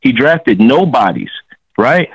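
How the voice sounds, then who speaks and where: A man's voice: mid-range voice, big pitch swings, slow, husky, no room sound, rough recording. A man, a guest, ranting heatedly and swearing a lot in casual sports talk on a podcast. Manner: fired-up, ranting, heavy swearing. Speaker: guest commentator.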